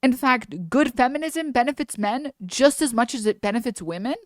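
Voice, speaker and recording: A woman with a fairly high voice rants through a live-stream reaction. She is animated and sarcastic and swears freely, and the sound is close and dry. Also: normal speed, no room sound. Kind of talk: casual live-stream commentary.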